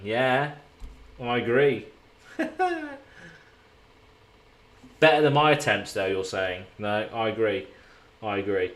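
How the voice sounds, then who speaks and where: A man's voice: mid-range voice, fairly bright tone. A man streaming from a hotel room, chatting casually and rambling as he answers viewers in his live chat.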